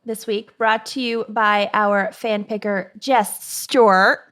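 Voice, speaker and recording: A woman's voice: medium pitch, steady tone, takes it slowly, a bit bright. A woman co-hosting a casual podcast, chatting and laughing easily while she reads the show plugs. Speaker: podcast co-host. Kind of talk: casual chat.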